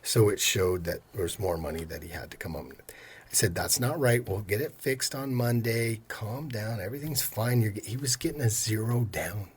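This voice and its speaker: A man's voice: on the low side, normal speed, slightly rough. A man in his fifties, a mortgage loan officer, telling stories in a podcast interview and acting out his customers' lines. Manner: animated storyteller, acts out customers' lines. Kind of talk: casual storytelling interview.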